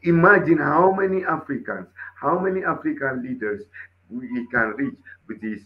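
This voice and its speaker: A man's voice: fairly high pitch, animated, moderate pace, highs cut off. A man giving earnest closing remarks in a discussion, repeating his phrases. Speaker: panel participant.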